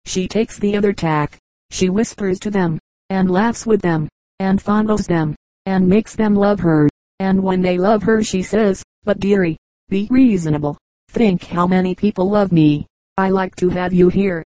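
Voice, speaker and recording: A woman's voice: mid-range voice, warm tone, no echo, natural voice, poor audio. Woman reading as a prim gossipy young woman. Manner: disapproving, prim. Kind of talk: audiobook character reading.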